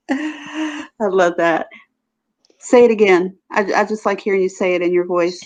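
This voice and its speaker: A woman's voice: mid-range voice, slow, long pauses. Chatty Southern woman hosting a stream. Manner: chatty, laughs often, many fillers. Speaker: live stream host. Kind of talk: casual live stream chat. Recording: dull lo-fi stream audio.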